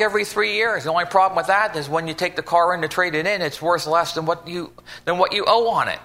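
A man's voice: high-pitched, pushed and bright. A man preaching an informal sermon in a folksy, conversational way, acting out little scenes as he goes.

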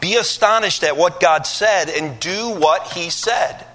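A man preaching from the pulpit, his voice bright and forceful and pitched a little high. He tells stories with lively voiced asides and builds to emphatic peaks. He grew up in Michigan. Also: unhurried. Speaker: pastor. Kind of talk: sermon.

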